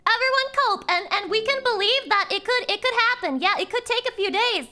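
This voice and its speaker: Woman VTuber streamer, high bright voice, excitable, swears a lot, faint music behind. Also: a little fast. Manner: excitable, profane, bursts into shrieking laughter. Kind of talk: casual live-stream chat.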